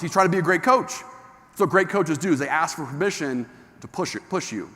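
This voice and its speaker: A man giving an animated, enthusiastic motivational talk to a live audience, telling a story with lots of energy. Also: fairly high pitch, fairly quick. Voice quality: enthusiastic, animated delivery with frequent restarts. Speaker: motivational speaker. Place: large hall with an audience. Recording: long hall reverb from a live talk.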